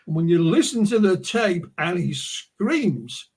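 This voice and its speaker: A man's voice: high voice, sing-song, slow, darkish tone, slightly rough. A man with a Yorkshire accent, a guest on a video call, telling stories in a rambling way with many restarts. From Yorkshire, England. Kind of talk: casual conversation, storytelling.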